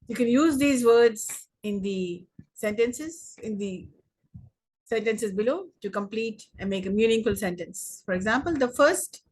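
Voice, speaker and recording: A young Indian woman teaching an online English grammar lesson, slowly repeating words and sentences for emphasis. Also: fairly high pitch, breathy edge.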